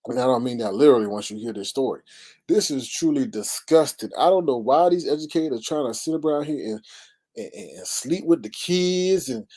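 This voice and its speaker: A man's voice: mid-range voice, lively intonation, fairly quick, darkish tone. A man hosting a casual livestream, exclaiming, sighing and greeting his chat viewers. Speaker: livestream host.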